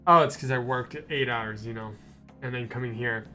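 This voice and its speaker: A young male streamer with a mid-pitched voice tells a rambling story full of restarts and casual swearing. Faint game music plays under his voice. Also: fairly even intonation, normal speed, sharp tone. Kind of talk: casual gameplay stream chat.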